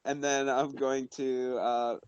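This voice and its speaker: A man's voice: mid-range voice, flat delivery, slow pace, clear, resonant tone, dry recording, lo-fi sound. A man playing a tabletop game in casual chat, laughing often and filling his talk with "like". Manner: laughing often, filler-heavy. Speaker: player.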